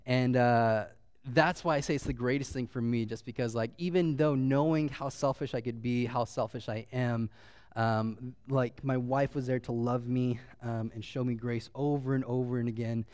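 A man's voice: mid-range voice, fairly even intonation, moderate pace, darkish tone, clean tone. A man in his thirties telling personal stories in a casual, chatty way, with fillers and light laughs, turning heartfelt. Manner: heartfelt, chokes up when sentimental. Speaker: speaker sharing a personal story.

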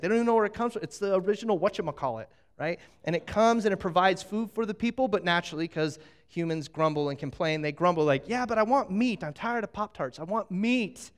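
High-voiced man preaching with playful asides. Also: clean tone. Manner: animated, jokey, acting out quick asides. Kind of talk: sermon.

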